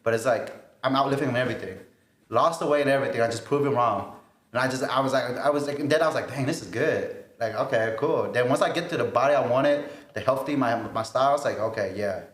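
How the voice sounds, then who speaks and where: A man in his twenties telling a story on a casual podcast, animated and laughing often. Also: medium pitch, fast talker, roomy sound. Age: 20s. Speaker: podcast co-host.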